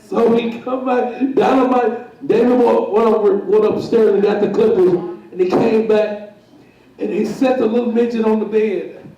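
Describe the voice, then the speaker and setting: A man's voice: sits high, steady tone, moderate pace, mellow, dull audio. A man telling a comic story on stage, chuckling, repeating himself and acting out the voices. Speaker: guest storyteller. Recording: very echoey room, voice far from mic.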